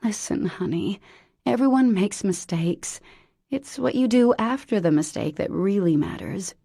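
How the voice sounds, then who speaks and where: Woman playing a desperate young mother, gravelly. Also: mid-range voice, expressive, a little slow, dark tone, no echo, studio quality, voice pushed up, exaggerated voice. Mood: gentle. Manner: pleading, edged with hysteria. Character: frantic, tender young mother.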